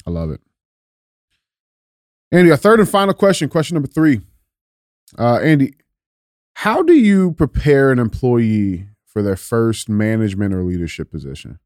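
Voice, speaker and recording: A man's voice: mid-range voice, big pitch swings, moderate pace, pauses often, a little mellow, dry recording, studio quality. A man hosting a podcast who asks his guest questions and backs him up with short affirmations. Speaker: podcast host. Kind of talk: casual podcast interview.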